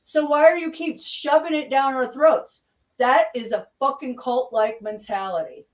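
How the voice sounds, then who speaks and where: A woman's voice: high-pitched, normal speed, distant mic, rough recording. A woman hosting a livestream discussion who talks in a heated, profane, confrontational way. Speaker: channel host.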